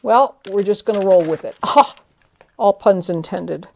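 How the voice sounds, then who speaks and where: Woman, chatty DIY vlogger, talks to herself while working, mid-pitch. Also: steady tone, fairly quick, gravelly, dark tone. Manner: chatty, self-talking while working, nervous. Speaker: vlogger restoring a vintage tree. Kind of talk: casual hands-on how-to narration.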